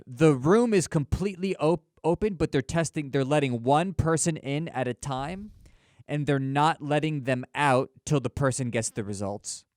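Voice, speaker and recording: A man's voice: fairly high pitch, normal speed, darkish tone, no room sound, studio quality. A man co-hosting a casual podcast chat, telling long rambling stories with restarts and some swearing. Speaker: podcast co-host.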